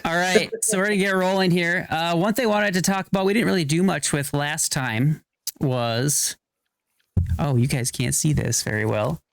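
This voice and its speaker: Male game master, relaxed and chuckling; smooth voice. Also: on the high side, normal speed, dry recording. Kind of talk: casual chat at a game table.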